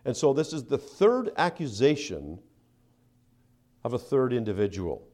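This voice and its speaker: A man preaching a sermon in a slow, emphatic style, rising now and then to loud, forceful bursts. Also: mid-range voice, very animated. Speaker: pastor.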